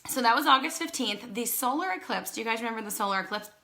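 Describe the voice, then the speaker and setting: A woman in her thirties telling her own story into her phone, chatty and animated, acting out quoted dialogue and fighting back tears. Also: a little high, quick pace, creaky. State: emotional, holding back tears. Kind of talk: casual personal storytelling to a phone camera.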